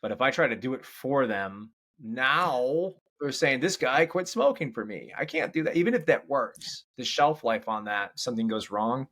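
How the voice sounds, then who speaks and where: A man's voice: mid-range voice, expressive, normal speed, few pauses, a bit bright. A man, a podcast guest, telling long stories in casual interview talk, rambling and restarting, often checking in with "right?". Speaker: podcast guest, change coach.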